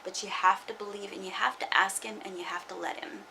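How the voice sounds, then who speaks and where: Woman in her forties, bright edge, faint hiss behind, rambling vlog talk. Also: medium pitch, fairly even intonation, brisk, gravelly, low-quality recording. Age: 40s. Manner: frustrated, talking in loose run-on asides. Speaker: vlogger. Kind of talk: casual personal vlog with scripture reading.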